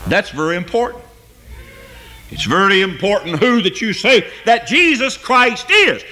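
A man delivering a slow, unhurried sermon in a fairly high, bright voice. His pitch swings widely, soaring on the scripture he quotes and sinking low when he turns to asides. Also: sing-song. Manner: slow, rising to high emphatic peaks on scripture; drops low and quiet on asides. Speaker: preacher.

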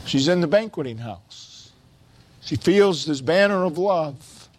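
A man preaching a sermon, quoting scripture slowly and building to loud, stretched-out exclamations. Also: on the high side, animated. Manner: slow, deliberate preaching with quoted scripture.

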